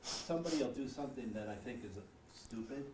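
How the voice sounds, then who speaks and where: A man's voice: medium pitch, fast, crowd noise. Distant man in an echoey, noisy room. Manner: conversational, agreeable. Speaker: class participant. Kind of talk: casual group discussion.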